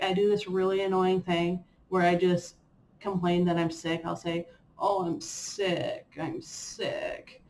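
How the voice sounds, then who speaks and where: A woman's voice: medium pitch, slight background noise. A young woman vlogging in a chatty, rambling way with fillers and playful self-mockery. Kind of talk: casual chat reviewing a personal year.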